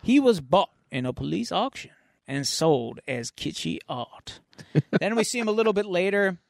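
A man's voice: high voice, very animated, normal speed, creaky, no echo, clean studio sound. A man hosting a casual comic book podcast, animatedly retelling a comic and slipping into voices. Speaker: podcast host.

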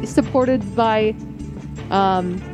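A woman's voice: mid-range voice, very slow, over music, poor audio. A woman co-hosting a casual conspiracy podcast, rambling and self-deprecating, often laughing. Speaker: podcast co-host.

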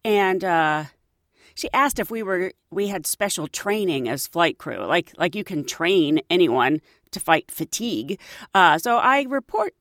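A woman flight attendant telling stories in a casual, animated way, laughing often. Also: fairly low pitch, dry recording, clean studio sound. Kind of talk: casual storytelling.

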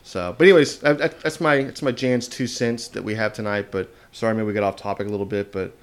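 A man's voice: on the low side, fast. Rambling man hosting a podcast. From Texas. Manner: rambling, filler-heavy storytelling. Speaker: podcast host. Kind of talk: casual podcast chat.

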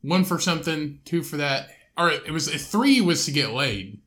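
A man's voice: fairly high pitch, expressive, normal speed, sharp tone. Teasing young man co-hosting. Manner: teasing, joking, swears. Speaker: podcast co-host. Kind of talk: casual chat.

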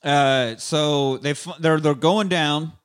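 A young man chats on a podcast, loosely recapping a film scene by scene. He rambles, swears freely and leans on "like" and "uh". His voice sits somewhat high for a man. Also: slow pace, clear, resonant tone. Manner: rambling, profane, uses many fillers. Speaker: podcast host. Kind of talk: casual chat, retelling a film.

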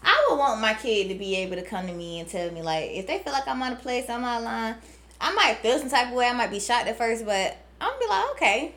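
A woman in her late twenties with a high, bright voice. She talks in an animated, outspoken way in casual podcast chat and swears often. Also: quick pace. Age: late 20s. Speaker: podcast co-host.

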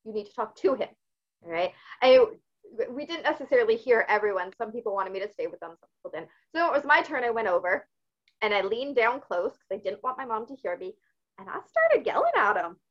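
A woman's voice: a little high, a little fast, muffled recording. A woman guest on a podcast, speaking openly and telling personal stories with animation. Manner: open, animated storytelling. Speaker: guest, author and fitness expert. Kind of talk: podcast interview.

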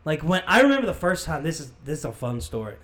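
A man's voice: a little high, fast. A man co-hosting a casual podcast, telling rambling, easygoing stories. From not from the area. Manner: relaxed rambling storyteller. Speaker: podcast co-host. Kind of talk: casual chat.

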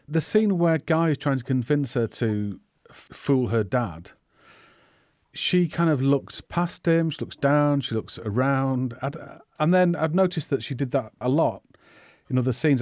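A man's voice: medium pitch, animated, measured pace, darkish tone, no echo. A man hosts a casual film podcast, steering the conversation and trailing into hesitant asides. His voice sits in a mid range and sounds close and dry. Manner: guides the talk, hesitant asides. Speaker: podcast host.

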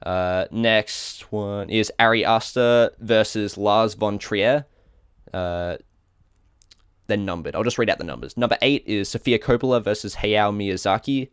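Low, smooth Australian man. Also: measured pace, no room sound, clean studio sound. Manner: trips over foreign names, chuckling self-corrections. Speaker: podcast co-host. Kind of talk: casual podcast chat, reading out a list.

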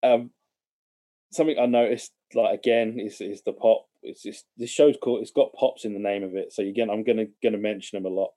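Male podcast co-host, low warm voice, easygoing and hesitant delivery. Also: a little fast. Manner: relaxed, hesitant, with fillers. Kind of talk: casual chat.

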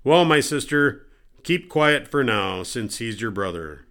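Guy reading a smooth scheming prince, coaxing and calm, mid voice. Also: mid-range voice, unhurried, heavily acted. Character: vengeful young prince, smooth talker.

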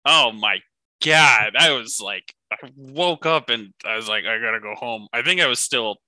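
A man's voice: mid-range voice, expressive, unhurried, pushed and bright, dry recording. A man co-hosting a podcast, chatting casually and joking with plenty of laughs. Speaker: podcast co-host.

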